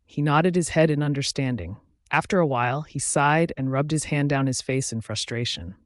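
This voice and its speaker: A man reading a first-person story aloud as narrator in a steady, even manner. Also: on the high side, normal speed, no echo.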